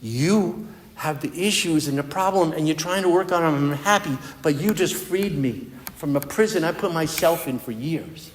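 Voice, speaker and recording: A man's voice: fairly high pitch, animated, normal speed, slight background noise. A man giving a personal recovery talk at a meeting, telling his story in an earnest, conversational way. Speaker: AA speaker. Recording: echoey hall with long reverb.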